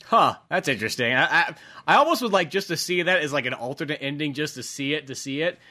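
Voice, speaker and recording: Fast, bright-voiced man gushing about films. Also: on the high side, expressive. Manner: fast, filler-heavy, full of "like". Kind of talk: casual movie chat.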